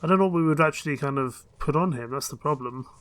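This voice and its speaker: A man's voice: on the high side, fast, a bit bright. A man commentating his own gameplay in a chatty, self-mocking way. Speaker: let's play gamer.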